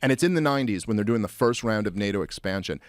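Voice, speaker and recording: A man talking as a podcast guest in casual political chat, animated and full of fillers and restarts. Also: on the low side, quick pace, no echo.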